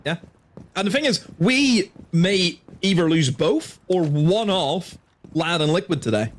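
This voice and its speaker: A man's voice: high-pitched, big pitch swings, a little slow. A man giving color commentary on an esports match, with short teasing remarks.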